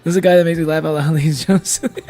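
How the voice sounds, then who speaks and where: A man's voice: fairly high pitch, steady tone, very fast, warm tone, soft background music. A man streaming live in casual chat, a little tipsy from drinking, who laughs often and swears freely.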